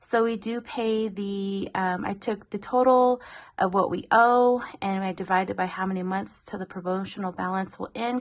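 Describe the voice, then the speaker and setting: A young woman, pregnant and a bit short of breath, talks casually through her household budget. Her voice has a gravelly, fry-laden edge at a middling pitch. She fills pauses with frequent ums. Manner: chatty, many um fillers. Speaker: budgeting vlogger. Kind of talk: casual walkthrough of a monthly budget.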